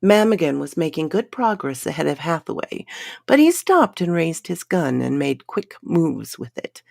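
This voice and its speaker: A woman narrating a pulp science fiction story in a dramatic, unhurried reading style. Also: sits low, big pitch swings, vocal fry, darkish tone, no echo, studio quality.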